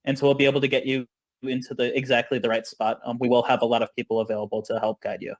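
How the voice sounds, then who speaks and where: A man's voice: medium pitch, little pitch movement, fast talker. Casual man organizer on a video call. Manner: casual, many fillers. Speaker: protest organizer. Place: home on a busy street.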